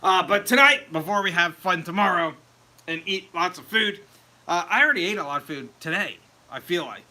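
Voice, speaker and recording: Chatty male livestream host, bright tense voice, slightly high, laughs at his own jokes. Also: expressive, brisk, slight background noise. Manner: chatty, laughs at himself, reads viewer comments aloud. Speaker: home mead maker hosting a livestream. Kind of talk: casual livestream chat. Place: home meadery.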